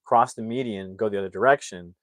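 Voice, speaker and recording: A man's voice: fairly low pitch, quick pace, fairly bright tone, dry recording, lightly acted. A man quoting an eager, earnest dad.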